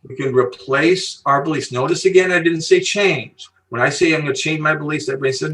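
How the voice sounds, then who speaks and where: An older man, a guest speaker on psychology, telling stories and explaining ideas slowly and emphatically in an interview. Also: mid-range voice, fairly bright tone, distant mic, low-quality recording. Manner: emphatic, slow deliberate pauses, storytelling. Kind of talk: podcast interview.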